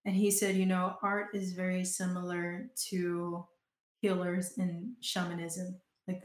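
Casting: young Southern woman from Georgia, chatty interview guest, fairly flat delivery, echoey room sound. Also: lowish voice. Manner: chatty, frequent "like" fillers. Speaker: guest, performing artist and author. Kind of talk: casual interview talk.

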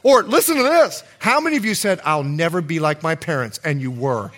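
A man preaching a sermon as pastor, swinging from loud calls to hushed low lines. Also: animated, a little fast, noisy background. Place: church.

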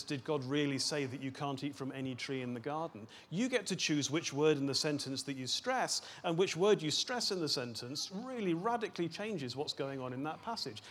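A man's voice: a little high, a bit bright, slight background noise. Man teaching a Bible seminar. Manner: slow, emphatic reading that stresses single words.

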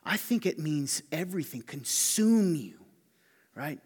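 Southern pastor preaching in a reverberant hall. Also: male voice, a little high, unhurried, breathy edge. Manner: animated, joking asides, swings from loud to hushed. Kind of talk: sermon.

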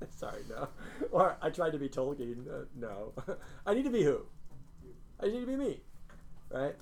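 Earnest, animated male teacher, slightly high. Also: unhurried, creaky, pauses often. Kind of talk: classroom lecture. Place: classroom.

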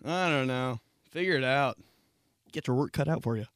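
A man's voice: mid-range voice, normal speed, a bit bright, clear, resonant tone, dry recording. Crude, rambling comic male podcaster. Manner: crude, rambling, jokey storytelling. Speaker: podcast host. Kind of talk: casual comic monologue.

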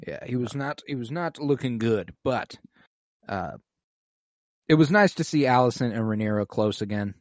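A man's voice: mid-range voice, lively intonation, normal speed, darkish tone, no room sound, clean studio sound. A man in casual podcast chat, recapping an episode with feeling, swearing freely and saying "like" often.

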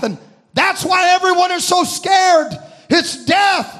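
A man preaches a sermon in a very high, ringing voice, building a story with impassioned shouts. He slows some phrases right down for weight.

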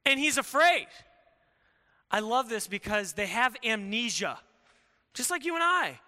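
A man preaching a sermon in a casual, animated way, often acting out quoted voices. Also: very high-pitched, unhurried. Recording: long hall reverb.

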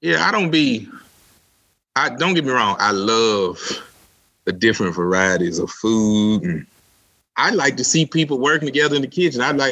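A man, co-hosting a podcast in casual chat and telling animated stories. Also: mid-range voice, normal speed, pauses often. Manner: animated storyteller, repeats "let me tell you something". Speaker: podcast co-host.

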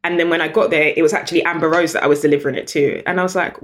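A British woman, a guest in an interview, telling stories in an animated, chatty way and laughing often. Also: deep voice, very fast, hardly any pauses. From Britain. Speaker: guest entrepreneur. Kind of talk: storytelling in an interview.

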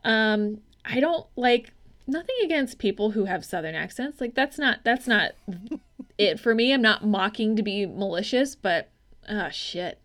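A woman's voice: medium pitch, animated, unhurried, fairly bright tone. A woman co-hosting a casual movie-review podcast, talking bluntly and swearing, with lots of ums and hedges. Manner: blunt, profane, chatty with hedging fillers. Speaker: podcast co-host.

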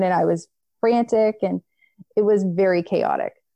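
A young woman telling a personal story in casual chat, animated, acting out what others said, with many filler "likes". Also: mid-range voice, unhurried, dry recording.

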